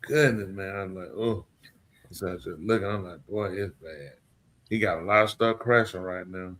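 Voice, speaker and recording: A man's voice: low-pitched, normal speed, fairly bright tone. A man hosting a podcast in casual chat, rambling and lamenting, repeating himself in drawling, slangy speech. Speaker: podcast host.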